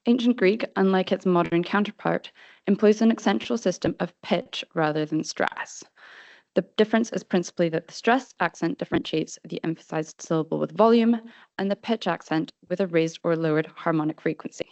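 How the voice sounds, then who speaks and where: A woman presenting a paper at an academic conference, reading formal prose in a measured way. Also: lowish voice, vocal fry, darkish tone, no room sound. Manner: formal, measured delivery with brief slide-control asides. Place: conference hall. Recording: dull, slightly lo-fi sound.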